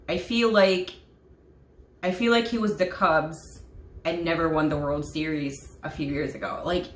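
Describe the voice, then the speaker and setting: A woman vlogger talks in a casual, gushing way, full of fillers and little laughs. Her voice sits a bit low for a woman. The room around her has a noticeable echo. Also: fairly bright tone. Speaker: vlogger reviewing a TV series. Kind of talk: casual chat. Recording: echoey room.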